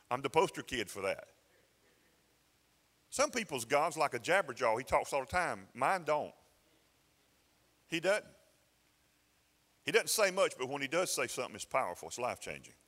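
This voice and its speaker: A man's voice: mid-range voice, very animated, moderate pace, pauses often, fairly bright tone, in a large hall. A male pastor preaching a sermon in a folksy, conversational way, often restarting his phrases. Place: church sanctuary.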